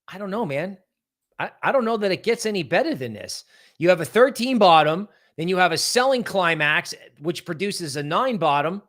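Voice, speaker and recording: High pitched guy hosting a crypto livestream, loose rambly chat, keeps saying right?. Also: a bit bright. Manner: rambling, conversational, often adds "right?"; mocks panicky traders in exaggerated voices. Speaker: crypto market show host. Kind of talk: livestream market analysis.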